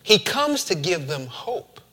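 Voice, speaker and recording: Man, pastor, bright forceful tone, fairly high voice. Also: slow pace. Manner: animated, playful asides to the congregation. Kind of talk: sermon with scripture reading.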